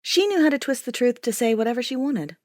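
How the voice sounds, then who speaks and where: A woman narrating a first-person audiobook in a wry, expressive storytelling manner. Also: on the high side, quick pace, no echo, studio quality.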